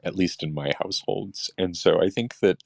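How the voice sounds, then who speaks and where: A man's voice: deep voice, normal speed, vocal fry, no echo. A man speaking as a guest in a casual online discussion, hesitant, with frequent uh's and repeated words. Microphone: phone app audio chat.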